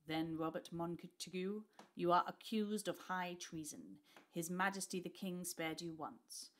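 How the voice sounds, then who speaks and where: A woman voicing an older, cruel male duke who speaks slowly and with sneering pleasure. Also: on the low side, natural voice. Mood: gloating. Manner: slow, sneering, barking orders.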